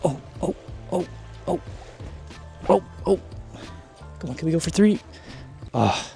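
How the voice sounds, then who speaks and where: Excitable man vlogging outdoors. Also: a little high, takes it slowly, vocal fry, faint music behind. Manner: excited, exclaiming, chatty. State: hot and a bit winded. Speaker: fishing channel host. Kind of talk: casual outdoor vlog narration. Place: outdoors on a muddy shoreline.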